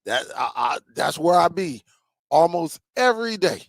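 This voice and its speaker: A man hosting a streaming tech channel, chatting casually with viewers and telling stories in an animated way, laughing and repeating himself. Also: fairly high pitch, moderate pace, creaky, dry recording, studio quality.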